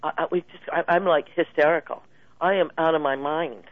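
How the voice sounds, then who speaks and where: Animated woman storyteller on a phone line. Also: sits low, a little fast, no room sound. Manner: animated storyteller, laughs often. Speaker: guest. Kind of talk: casual phone interview. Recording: tinny phone line, dry.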